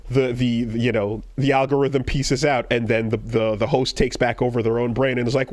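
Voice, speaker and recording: A man's voice: medium pitch, level tone, moderate pace, few pauses, a little mellow, no room sound. A man on a podcast, animatedly retelling a game story, acting out quoted lines in raised voices. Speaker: podcast co-host. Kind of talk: casual chat.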